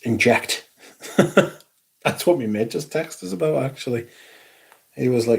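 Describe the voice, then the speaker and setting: A man's voice: medium pitch, normal speed, gravelly, long pauses. Sweary, rambling man. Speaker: livestream host. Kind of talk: casual livestream chat.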